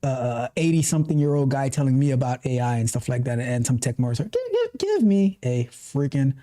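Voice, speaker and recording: Animated, passionate male livestream host. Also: mid-range voice, brisk. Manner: passionate, ranting, self-interrupting. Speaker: tech coach and livestream host. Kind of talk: casual livestream chat.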